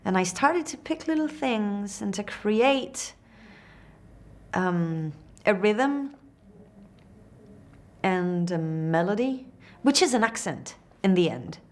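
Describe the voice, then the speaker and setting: A woman's voice: mid-range voice, animated, slow, pauses often, a little mellow. A woman with a French accent, an actress speaking English as a second language in an interview, hesitant and searching for words. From France. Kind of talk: interview answers.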